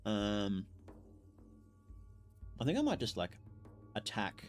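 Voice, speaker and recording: A man streaming a video game, chatting casually with his chat, reacting loudly with exclamations and laughs. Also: lowish voice, huge pitch swings, takes it slowly, over music. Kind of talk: casual live game commentary.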